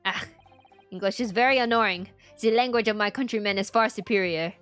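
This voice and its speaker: A woman's voice: mid-range voice, a little fast, fairly bright tone, smooth, soft background music, natural voice. A woman voicing a spoiled, boastful young boy prince with a put-on French-like accent and stiff, whiny broken English. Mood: pompous. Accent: put-on French-like foreign accent.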